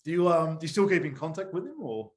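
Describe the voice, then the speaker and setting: A man's voice: on the high side, animated, fast talker. A man co-hosting a casual podcast interview, asking friendly, slightly rambling questions. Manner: friendly, apologetic, asks long questions. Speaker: podcast co-host.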